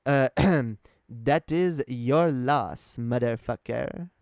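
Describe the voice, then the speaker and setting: A man's voice: mid-range voice, drawn-out words, a little mellow, smooth, no room sound, clean studio sound. A man voicing a tough, edgy, swaggering young male persona who taunts and swears. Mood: cocky.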